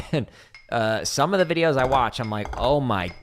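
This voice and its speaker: A man's voice: medium pitch, animated, normal speed, slight background noise. A man hosting a drumming livestream, chatting casually between practice and laughing often as he mocks the voices of commenters. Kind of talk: casual chat while practicing. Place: home practice room with drums.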